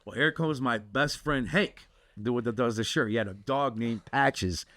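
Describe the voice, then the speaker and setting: A man's voice: medium pitch, moderate pace. A man hosting a podcast, telling a wild story in casual, profane chat, peppered with "dude". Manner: animated, profane, keeps saying dude. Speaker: podcast host.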